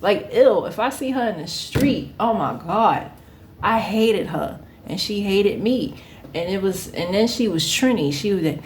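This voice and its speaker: A woman in her thirties in a mid-pitched voice, telling a casual story with lots of life. She slips into the voices of the people she talks about and laughs along the way. There is a faint hum behind her. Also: measured pace. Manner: animated, acts out quoted voices. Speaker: vlogger.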